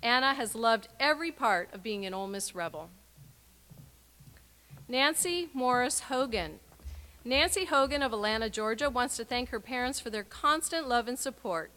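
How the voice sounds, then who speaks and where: A woman reading out graduates' names and short personal messages at a university graduation ceremony, with clear, measured announcing and emphatic sign-offs. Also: on the high side, lively intonation, sharp tone.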